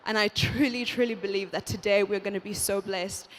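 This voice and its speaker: A woman's voice: mid-range voice, fairly even intonation, fairly quick, fairly bright tone, slight background noise. A woman giving a heartfelt address at a church women's conference, effusive and emotional, repeating phrases for emphasis.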